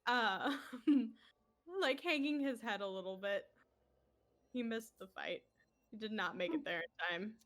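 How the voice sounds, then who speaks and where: A woman runs a tabletop game at an unhurried pace. Her voice sits a little high, and she narrates easily with frequent laughs. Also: animated. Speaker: game master.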